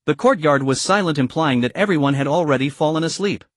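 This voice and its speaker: A man reading a first-person martial arts story as an audiobook narrator, in an even storytelling manner. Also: fairly high pitch, fast talker, no room sound.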